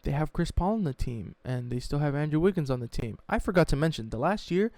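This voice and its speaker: A man telling a sports story in a mocking, animated, profane way, as a sports YouTuber. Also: fairly high pitch, fast talker, no room sound.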